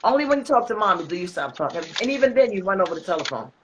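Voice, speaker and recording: A woman's voice: mid-range voice, big pitch swings, rapid-fire, slight background noise, low-quality recording. A woman calling in as a guest, answering with sassy, playful comebacks. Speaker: guest caller. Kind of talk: casual chat.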